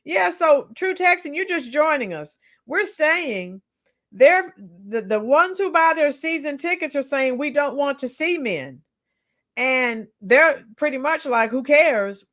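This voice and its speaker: A talkative woman hosting a casual livestream, with a slightly high voice. She reads viewer comments aloud and answers them in a relaxed, chatty way. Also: a little slow. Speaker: livestream host.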